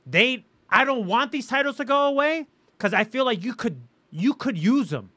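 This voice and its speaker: Male podcast co-host, opinionated and emphatic; high, bright voice with an animated, swinging pitch. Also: moderate pace. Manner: opinionated, emphatic, swears freely. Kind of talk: casual wrestling talk.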